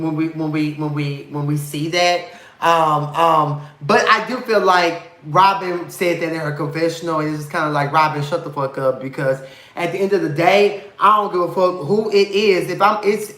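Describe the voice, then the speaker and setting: A man hosts a live reality TV review stream, chatting casually with a bright, forceful voice that's on the high side. He's sassy and campy, full of slang and swearing, and sounds affectionate toward his viewers, with roomy, echoey sound.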